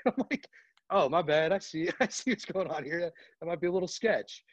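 A man's voice: a little high, a little fast, no echo, muffled recording. A man chatting casually, telling laid-back stories and acting out exchanges with store staff. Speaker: podcast guest. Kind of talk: casual chat.

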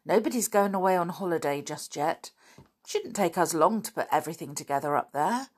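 A woman's voice: on the low side, lively intonation, brisk, slightly rough. A woman voicing an eager boy club leader.

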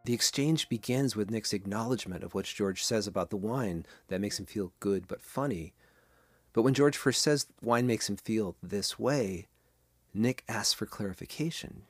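Low-voiced man reading literary commentary. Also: moderate pace, slightly rough, no echo, studio quality. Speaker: podcast host reading and analyzing literature.

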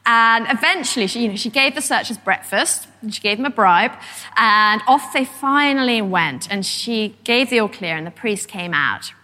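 A middle-aged woman giving a lively, conversational history talk with frequent restarts. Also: on the high side, moderate pace. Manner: animated, conversational, many fillers and restarts. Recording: long hall reverb.

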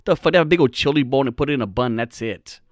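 A man's voice: medium pitch, very fast, no echo. A young man hosting a podcast, telling a rambling, profane, jokey story in casual comedic style. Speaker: podcast host.

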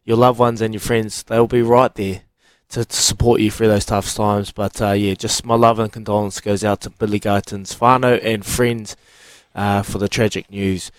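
A New Zealand man co-hosting a radio show, speaking in an earnest, brisk way. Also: lowish voice, little pitch movement, smooth, no echo. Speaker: radio co-host. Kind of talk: casual radio chat. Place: radio studio.

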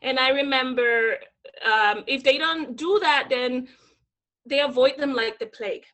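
A woman from the Dominican Republic, a guest telling stories in a casual interview, hyper and animated, acting out the voices of people she quotes. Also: high-pitched, unhurried.

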